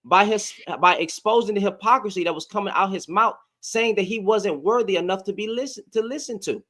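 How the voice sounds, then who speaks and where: Man, fairly high voice, host, heated argument, repeats himself. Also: brisk, bright, forceful tone. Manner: argumentative, repeats phrases over and over. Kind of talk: heated live audio debate.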